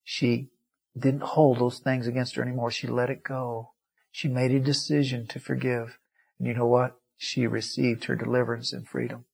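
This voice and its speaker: A man preaching a sermon as a pastor, telling a story and swinging from loud climaxes to hushed, quiet lines. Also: medium pitch, little pitch movement, moderate pace, creaky, husky.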